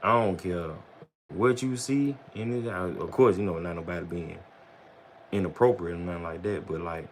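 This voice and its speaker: A man's voice: medium pitch, a little hiss or hum. A man chatting casually on his livestream in loose slang, rambling and often tossing in "bro" and "you know what I'm saying". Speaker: vlogger on a livestream.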